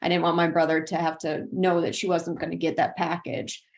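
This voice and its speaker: A woman's voice: lowish voice, level tone, a little fast. A woman in her thirties from South Carolina, a podcast guest telling an earnest, tearful personal story. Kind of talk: personal conversation.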